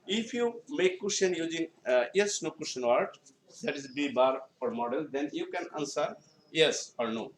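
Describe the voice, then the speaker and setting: A male teacher with a Bangladeshi English accent giving a classroom grammar lesson, speaking slowly and repeating his phrases. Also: a little high, animated. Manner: slow, repetitive explaining, often restating phrases. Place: school classroom. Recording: echoey room, far mic, noisy background.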